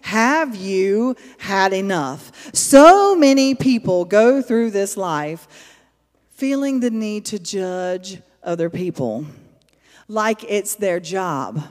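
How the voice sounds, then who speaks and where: Animated woman preaching in a reverberant hall. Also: medium pitch, takes it slowly. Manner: animated storyteller, swinging between loud and hushed. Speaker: speaker addressing a church. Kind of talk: sermon-style storytelling.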